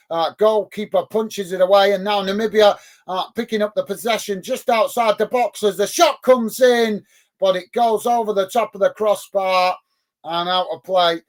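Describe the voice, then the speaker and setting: A man hosting a live football watch-along, calling the play and thanking chat viewers by name in an upbeat way, on a close mic. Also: high-pitched. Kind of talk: live match commentary and chat reading. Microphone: close mic on a headset.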